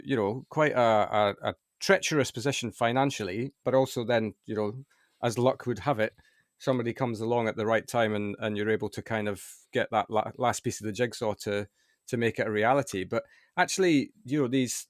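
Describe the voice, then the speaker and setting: A man's voice: medium pitch, dry recording, clean studio sound. A man hosting a podcast, asking questions and reflecting back on his guest's story. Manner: encouraging, reflective interjections. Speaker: podcast host. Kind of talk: casual interview.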